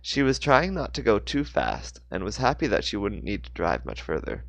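Guy reading a book out loud, lowish voice, trips on words, dry sound. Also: very animated, normal speed, few pauses, dry recording. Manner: stumbling, self-correcting. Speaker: audiobook reader. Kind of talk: reading a novel aloud.

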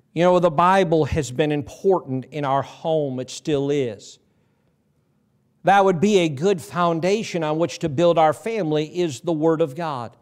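A middle-aged man delivers a sermon in a church sanctuary, his voice sitting high for a man. He preaches in a folksy, conversational way, tossing rhetorical questions to the congregation and answering them himself. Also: darkish tone. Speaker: pastor.

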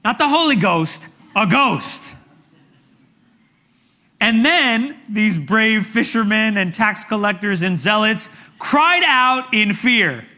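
Male pastor, high-pitched and bright, preaching with dramatic shouts and hushes. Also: slow. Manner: dramatic, animated storytelling with sudden shouts and hushed asides. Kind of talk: sermon.

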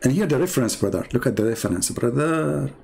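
A man giving mocking, incredulous commentary as a religious debater, retelling his debates with lively emphasis. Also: mid-range voice, fast talker, creaky, slightly rough.

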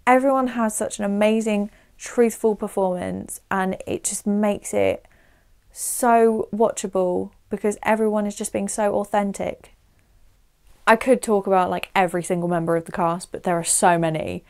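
A woman's voice: mid-range voice, fairly even intonation, moderate pace, clean tone. A young woman, chatting effusively to camera as she reviews a film, with frequent "like" fillers.

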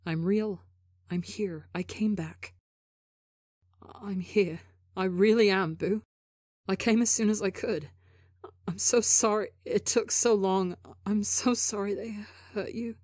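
A woman's voice: mid-range voice, fairly even intonation, takes it slowly, darkish tone, dry recording, clean studio sound. A woman reading a desperate, apologetic young man in a story, pleading with stammers and broken restarts. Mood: earnest. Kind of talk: audiobook character reading.

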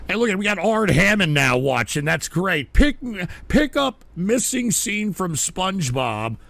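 A man hosting a call-in radio show, cursing and erupting into shouting. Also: high-pitched, sing-song, measured pace, creaky, no echo. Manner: explosive, cursing, blows up into shouting.

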